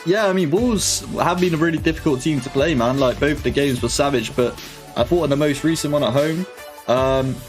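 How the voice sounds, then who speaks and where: A man's voice: fairly high pitch, brisk. A young man chatting casually on a live football watch-along stream, full of slang and reading comments from his chat. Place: home. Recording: faint music behind.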